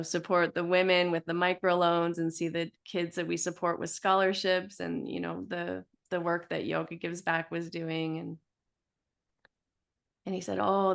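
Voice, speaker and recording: A woman telling personal stories at a memorial gathering in a yoga studio, chatty and quick to laugh. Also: on the low side, vocal fry. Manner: chatty, laughs often, many fillers like "you know". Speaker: yoga teacher sharing memories of her teacher.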